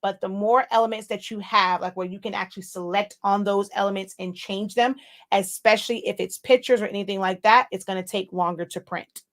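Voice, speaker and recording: Woman host, mid-pitch, chatty livestream teacher, loose and unscripted. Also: fairly even intonation, brisk. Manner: chatty, loose, many fillers and asides to viewers. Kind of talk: casual live Q&A tutorial.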